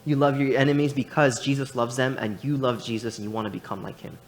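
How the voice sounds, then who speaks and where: A young man preaching a sermon in a church, animated and rambling, with many restarts and casual fillers. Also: medium pitch, quick pace, a little hiss or hum.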